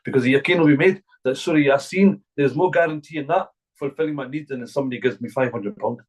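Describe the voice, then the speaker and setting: Preaching to a gathering, a middle-aged Glaswegian imam speaks fast in a mid-range voice, his religious talk earnest, emphatic, and repetitive. The audio is poor.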